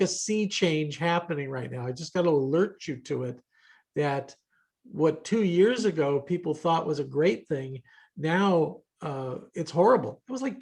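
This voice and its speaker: A man's voice: a little high, expressive, measured pace. Man hosting a rambling roundtable chat. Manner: rambling anecdotes with hesitant restarts. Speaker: host. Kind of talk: casual roundtable conversation.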